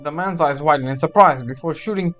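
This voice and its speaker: Streamer: a man reading game text, chatty, slightly higher voice. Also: fairly quick, fairly bright tone, soft background music. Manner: chatty, wry commentary.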